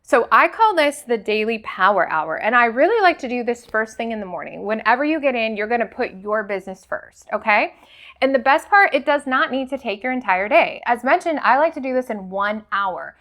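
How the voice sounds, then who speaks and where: A woman's voice: a little high, big pitch swings, a little fast, a bit bright. A woman hosting a motivational business talk, coaching her audience with rhetorical questions and frequent "okay?" checks.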